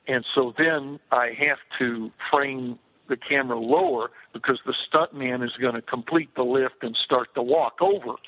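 An older man recalls his film shoots in a loose, rambling way, full of "uh"s and restarts. His voice comes through a tinny, phone-like line. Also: medium pitch. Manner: rambling, many fillers and restarts. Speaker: film director interviewee. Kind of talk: casual anecdotal storytelling.

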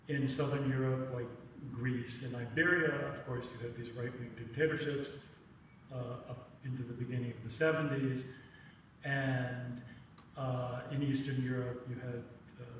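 Male lecturer, mid pitch, halting, lots of fillers, recorded from afar in a booming room. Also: flat delivery, slight background noise. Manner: halting, repeats words, many ums and "right?" tags. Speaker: teach-in speaker. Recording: echoey room, mic far off.

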